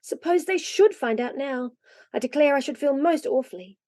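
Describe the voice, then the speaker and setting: A woman voicing an anxious older sister, a girl who frets in hushed tones. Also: sits high, lively intonation, normal speed, no room sound, studio quality, voice pushed up. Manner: fretful, breathy whispers.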